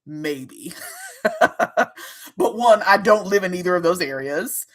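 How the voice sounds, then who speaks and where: A woman hosting her own livestream, talking straight to her chat in a casual, animated way, laughing often and swearing freely. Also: lowish voice, slow pace. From Minnesota. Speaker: livestream host.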